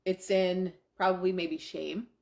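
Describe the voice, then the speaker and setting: A woman's voice: fairly low pitch, level tone, unhurried, creaky, darkish tone. A middle-aged woman coaching a live audience on affirmations, enthusiastic and repetitive, with casual swearing. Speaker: self-help coach.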